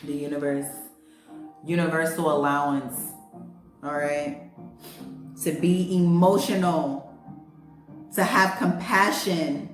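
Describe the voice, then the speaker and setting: A woman's voice: low-pitched, steady tone, slow, long pauses. A woman giving a casual spiritual astrology reading, chatty and heartfelt, with lots of fillers and slang. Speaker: astrology and tarot reader. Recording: roomy echo, faint music behind.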